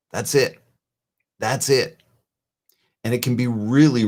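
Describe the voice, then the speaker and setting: A middle-aged man talks to his live audience in a slightly low voice, earnest and plain-spoken. He keeps circling back to the same phrases to drive them home, like an informal advice talk. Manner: earnest, conversational, repeats key phrases. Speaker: show host.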